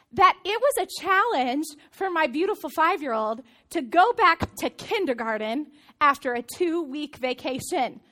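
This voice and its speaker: A woman in her thirties, a pastor giving a sermon in a church, telling stories in a lively, conversational way. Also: very high voice. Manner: storytelling, animated, conversational. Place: church auditorium.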